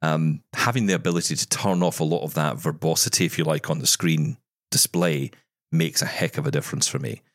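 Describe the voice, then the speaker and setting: Very deep-voiced chatty man. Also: steady tone, brisk, no room sound, studio quality. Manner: chatty, storytelling, jokey asides. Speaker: podcast co-host. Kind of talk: casual chat.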